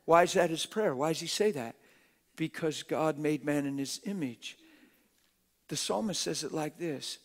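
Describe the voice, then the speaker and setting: A middle-aged man preaching a sermon in a church auditorium on a stage microphone, talking plainly and swinging from hushed whispers to loud shouts. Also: fairly high pitch, normal speed. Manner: plain-spoken, street-style talk.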